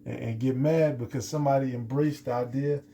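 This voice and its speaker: A man teaches scripture off the cuff in a deeply mellow, dark voice. He rambles, circles back and stumbles over his words with plenty of fillers. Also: fairly even intonation, fairly quick, vocal fry, a little hiss or hum. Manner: rambling, many restarts and fillers. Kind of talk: unscripted scripture lesson.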